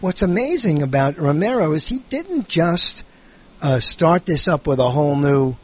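A man with a husky, somewhat high voice talks casually. He pauses and restarts as he hunts for the right word. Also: animated. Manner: halting, searches for words. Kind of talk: casual chat.

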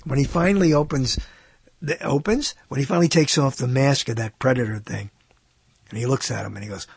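A man's voice: mid-range voice, a little fast, vocal fry, breathy edge, no room sound. A man hosting a radio show, rambling casually about movies, often trailing off with uh and short laughs. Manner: rambling, self-interrupting, lots of uh and laughs.

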